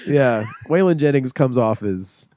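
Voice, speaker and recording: A man's voice: medium pitch, lively intonation, measured pace, warm tone, no echo. A man guesting on a podcast in casual chat, throwing in wry joking asides. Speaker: guest comedian.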